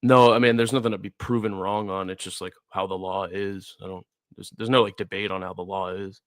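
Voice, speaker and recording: A man's voice: sits low, flat delivery, brisk, no room sound, clean studio sound. A man calling into a debate panel, arguing in a self-assured way. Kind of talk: casual debate.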